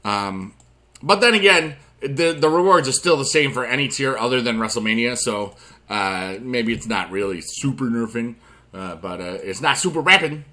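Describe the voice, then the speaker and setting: Bright-voiced rambling gaming host. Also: male voice, mid-range voice, moderate pace. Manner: rambling, chatty, drifts from quiet asides to loud excited bursts; addresses viewers directly with friendly advice. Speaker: YouTube gaming channel host. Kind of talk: rambling gameplay commentary.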